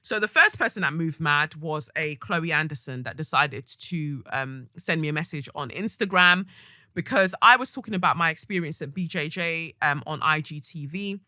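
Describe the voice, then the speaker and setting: A woman's voice: deep voice, lively intonation, normal speed, bright, forceful tone, no room sound, studio quality. A woman hosting a podcast, talking candidly and reflectively about her feelings and acting out the voices she quotes. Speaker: podcast host. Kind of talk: candid solo podcast monologue.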